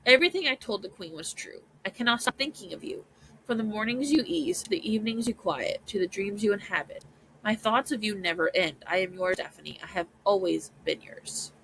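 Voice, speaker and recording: A woman voicing a guilty, earnest young duke, reading his confessions aloud in a soft, measured way. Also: mid-range voice, animated, creaky, a little hiss or hum, poor audio. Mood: tender.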